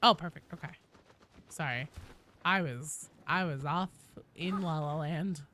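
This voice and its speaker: Bright, nasal young woman streamer. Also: low-pitched, a little slow, a little hiss or hum. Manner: chatty, forward and nasal, reading chat aloud. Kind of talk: casual live-stream chat.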